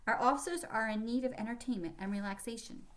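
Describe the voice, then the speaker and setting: A woman's voice: a little high, fast, a bit bright, close to an everyday voice. A woman reading aloud, voicing the formal mistress of a general's house giving orders to servants.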